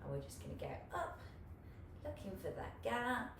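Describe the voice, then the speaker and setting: A woman's voice: a little high, big pitch swings, normal speed, vocal fry. Chatty woman coaching hoop, echoey room. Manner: chatty, encouraging, swears casually, laughs often. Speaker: hula hoop teacher. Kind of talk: live online class coaching. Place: home room, online class. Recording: echoey room, far from the mic, faint hiss.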